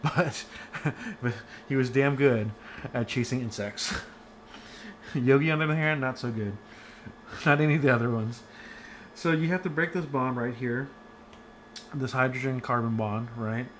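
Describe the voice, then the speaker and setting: A man's voice: mid-range voice, a little slow, long pauses, fairly bright tone, slight background noise. A man giving a casual online chemistry lecture from home, chatty and rambling with many fillers and restarts.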